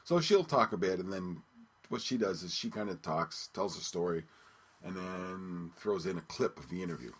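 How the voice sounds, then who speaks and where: A man hosting his own podcast, talking casually and haltingly with many ums and restarts. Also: deep voice, slightly rough. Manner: rambling, hesitant, many ums and repeated words. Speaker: podcast host. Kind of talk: casual solo radio-show talk.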